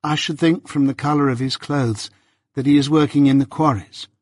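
Man voicing a gentle timid village woman. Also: fairly high pitch, fairly even intonation, normal speed, dry recording, studio quality, voice pushed up, close to an everyday voice. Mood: earnest. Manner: soft, pleading. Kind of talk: audiobook reading.

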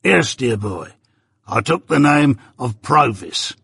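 Gravelly old convict guy done by a male reader, rough rustic talk, husky and dry, blunt and wary. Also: medium pitch, sing-song, takes it slowly, fairly bright tone, no echo, exaggerated voice. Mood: gruff, wary. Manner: rough rustic speech, calls the listener "dear boy". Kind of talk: audiobook character voice.

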